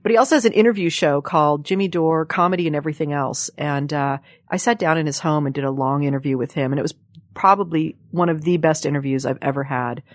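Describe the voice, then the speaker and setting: Brief: woman talk-show host, slightly low voice, dry close mic, loose and chatty. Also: fast talker, dry recording. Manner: chatty, plugs shows, swears playfully. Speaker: podcast host. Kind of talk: casual chat. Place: studio room with guests.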